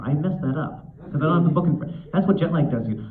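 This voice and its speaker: A man's voice: a little high, expressive, quick pace, some chatter behind. Chatty self-deprecating guy at a con panel, lots of ums, roomy echo, faint hiss. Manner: chatty, self-deprecating, many fillers and restarts. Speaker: author and convention guest. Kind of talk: convention panel talk and Q&A. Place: convention panel room. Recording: tinny echoey hall recording.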